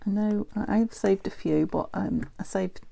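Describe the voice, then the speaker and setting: A British woman talks in a loose, rambling way and often drifts into muttering to herself. Her voice carries a gravelly, fry-edged texture, with a faint hiss in the background. Her pitch sits in an ordinary middle range. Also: moderate pace, mellow. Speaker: craft vlogger. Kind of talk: casual chat while crafting.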